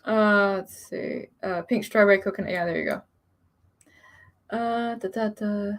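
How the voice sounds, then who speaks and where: Woman, young adult, casual streamer chat, rambling, gravelly voice, middle pitch. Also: steady tone, measured pace. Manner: chatty, rambling, many fillers, reads comments aloud. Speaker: author streamer. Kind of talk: casual live-stream chat, reading chat comments.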